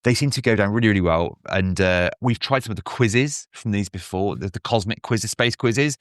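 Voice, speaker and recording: A man's voice: fairly low pitch, moderate pace, no echo, clean studio sound. A man guest on a podcast, chatting casually with rambling, self-mocking asides. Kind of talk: casual chat.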